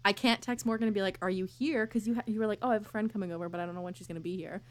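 A woman's voice: medium pitch, fairly even intonation, very fast. A young woman telling a story in casual chat, swearing and acting out quotes in different voices.

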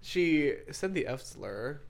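Young woman co-host, lowish lively voice, blunt and casual. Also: takes it slowly. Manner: blunt, swearing, laughing storyteller. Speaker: podcast co-host. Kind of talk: casual chat.

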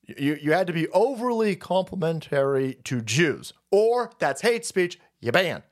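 A man hosting a livestream, ranting loudly and mockingly with constant profanity. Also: on the high side, sing-song, measured pace. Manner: loud, foul-mouthed, mocking. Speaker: livestream host. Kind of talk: profane rant.

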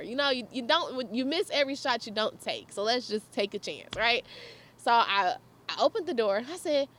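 Brief: young woman, casual storyteller, swooping lively voice, a bit high, laughs often, chats to viewers. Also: brisk. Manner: animated, laughs often, chatty asides to viewers. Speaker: vlogger.

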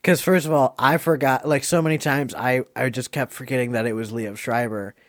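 A man's voice: medium pitch, steady tone, brisk, dry recording. Chatty man hosting a quiz, dry sound. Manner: chatty, laughs often, gushing. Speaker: quiz host. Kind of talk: casual podcast game chat.

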